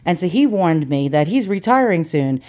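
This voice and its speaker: A woman's voice: fairly low pitch, very animated, normal speed, mellow. Blunt, profane woman vlogger ranting. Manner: blunt, profane, chatty storyteller. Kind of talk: casual ranting vlog chat.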